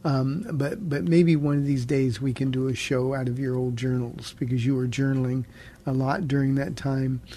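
A middle-aged man who is a pastor hosting a call-in radio show, taking calls and reflecting in a relaxed way. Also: mid-range voice, normal speed, slight background noise.

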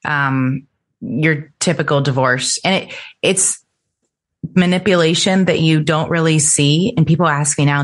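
Middle-aged woman, low voice, earnest interview guest who animates quotes. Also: unhurried. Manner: earnest, voice lifting sharply when she quotes people. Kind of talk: personal story in conversation.

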